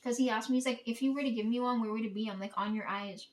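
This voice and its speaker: A channel host with a high-ish voice talks fast as she retells a story casually, swearing freely and frequently breaking into laughter. Her voice sits somewhat distant from the mic.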